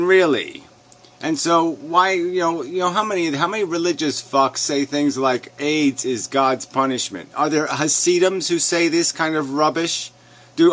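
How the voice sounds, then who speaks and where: A man's voice: on the high side, fairly bright tone. A man ranting in a sarcastic, mocking tone, swearing often and chuckling as he reacts to a clip. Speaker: commentator. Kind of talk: profane rant reacting to a clip.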